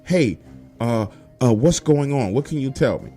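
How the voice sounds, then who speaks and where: A worried wife asks anxious questions, as voiced by a male storyteller. The voice stays close to his own plain talk, with a lively lilt. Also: medium pitch, unhurried, soft background music, natural voice. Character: worried young wife at her door.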